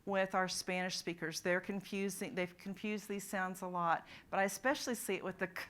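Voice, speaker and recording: A woman's voice: fairly low pitch, steady tone, brisk, a bit bright. A woman presenting at a literacy conference, demonstrating speech sounds and asking the audience to join in. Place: conference room.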